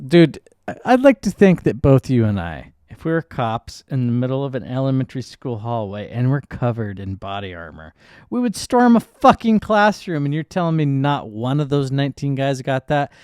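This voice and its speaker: A man co-hosting a podcast in loose, profane banter, quick with animated asides. His voice is smooth and resonant. The sound is dry and close. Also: medium pitch, no room sound. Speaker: podcast co-host.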